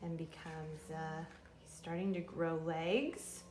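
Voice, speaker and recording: A woman teaching a craft and song lesson to young children as a preschool teacher, in a gentle, sing-song manner. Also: low-pitched, fairly even intonation, takes it slowly. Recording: roomy echo, faint room noise.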